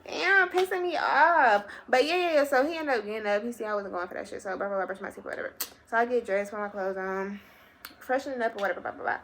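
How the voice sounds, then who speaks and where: A young adult woman telling a personal story to her viewers in a casual, animated and very profane way. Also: medium pitch, rapid-fire, slight background noise. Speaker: vlogger.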